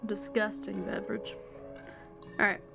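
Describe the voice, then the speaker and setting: A woman's voice: medium pitch, level tone, a little slow, creaky, music in the background. A young adult woman streaming a game, chatty and self-deprecating, swearing freely. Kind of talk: casual game stream chat.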